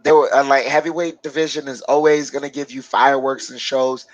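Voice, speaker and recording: A man co-hosting a casual live-stream sports chat, rambling and halting with lots of fillers. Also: mid-range voice, fairly even intonation, no room sound, dull audio. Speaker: co-host.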